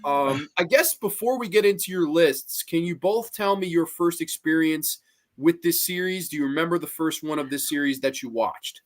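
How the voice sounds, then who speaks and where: A man's voice: fairly high pitch, normal speed. A young man in his twenties hosting a casual live horror podcast, chatty and joking as he greets viewers. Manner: chatty, joking, reads chat greetings aloud. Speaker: podcast host. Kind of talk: casual live-stream chat.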